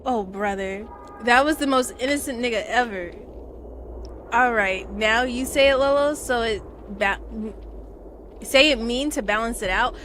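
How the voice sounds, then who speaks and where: A young woman streaming live, chatting casually and swinging from loud excited squeals to low mutters. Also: a little slow, a little hiss or hum. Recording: game music playing behind.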